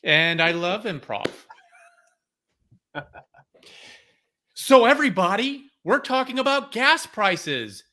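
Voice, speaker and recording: A man hosting a car podcast, energetic and playful, moving between banter and sponsor reads. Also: high-pitched. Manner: energetic and playful, leaning on hype. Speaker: podcast host.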